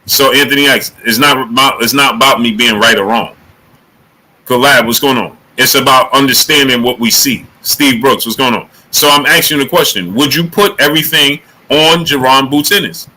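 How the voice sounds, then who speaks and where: The boxing show host, at medium pitch and moderate pace, greets his stream's chat viewers by name and presses them with one question again and again. His manner is energetic and emphatic; the recording is low quality.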